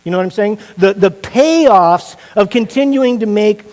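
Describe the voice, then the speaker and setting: A man's voice: high voice, unhurried, a little mellow, long reverb tail, rough recording. A male pastor from Indiana preaching a sermon in a joking, conversational storytelling way.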